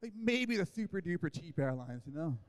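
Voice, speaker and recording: A man's voice: fairly high pitch, big pitch swings, brisk. A man preaching a sermon, telling a story in a humorous, self-deprecating, conversational way. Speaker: guest preacher. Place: church sanctuary. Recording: echoey church hall.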